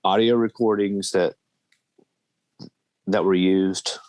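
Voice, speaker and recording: A man's voice: deep voice, steady tone, slow pace, darkish tone, no room sound, poor audio. A man hosting a podcast interview, asking questions hesitantly and repeating words as he goes. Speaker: podcast host. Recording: dry, close.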